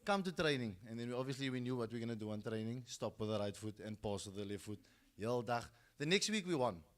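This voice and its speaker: A man's voice: medium pitch, quick pace. A middle-aged man with a South African accent, giving a storytelling speech at a school football launch and acting out the people he quotes.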